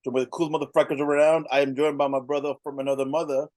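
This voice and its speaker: A man's voice: on the high side, level tone, rapid-fire, a little mellow, no room sound. A man in his thirties co-hosting a casual review show, chatting loosely with lots of fillers and restarts. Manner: rambling, frequent fillers and restarts. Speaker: podcast co-host.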